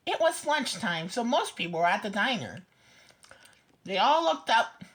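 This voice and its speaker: A woman reading a children's picture book aloud slowly and expressively, with small stumbles. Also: on the high side, very animated, fairly bright tone.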